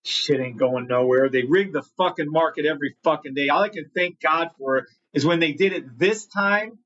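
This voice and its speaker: A man's voice: a little high, normal speed, fairly bright tone, highs cut off. Blunt, profane man hosting a live trading stream. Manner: blunt and profane, addressing chat by name. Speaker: livestream trading host. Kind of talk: live market commentary reading chat.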